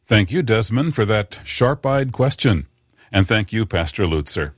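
A man's voice: lowish voice, lively intonation, a little slow, slightly rough, no room sound, studio quality. A man announcing a radio ministry program with a polished, scripted delivery. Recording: music bed under voice.

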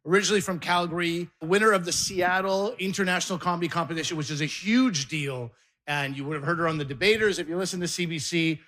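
A man's voice: fairly high pitch, quick pace, pushed and bright. A man hosting a comedy show from the stage, hyping up the crowd as he introduces the next comedian. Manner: hyped, crowd-rousing. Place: comedy stage before a live audience.

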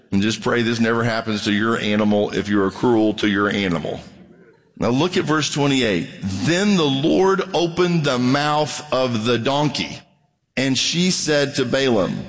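A man's voice: mid-range voice, moderate pace. A man preaching a sermon, reading scripture and breaking off into humorous asides to the congregation. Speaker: pastor. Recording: long reverb of a large hall.

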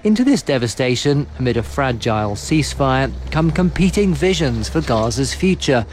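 A man narrating a scripted news report in a measured, even way. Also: medium pitch, a little hiss or hum.

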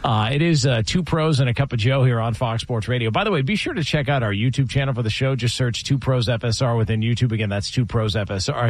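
A man co-hosting a sports radio show, talking in a laid-back, wry way and reading show plugs smoothly. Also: medium pitch, no echo. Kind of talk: casual sports talk. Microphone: studio microphone.

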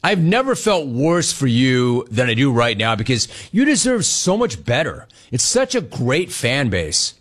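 Animated male sports radio host, mocking. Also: mid-range voice, a little slow, hardly any pauses. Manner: animated, mocking, repeats lines for emphasis. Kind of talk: opinionated sports rant.

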